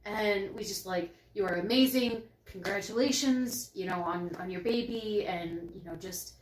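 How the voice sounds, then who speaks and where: A woman co-hosts a live stream from home at a moderate pace, and the room is echoey. She chats casually and tells bubbly stories, acting out herself and others with big jumps in pitch.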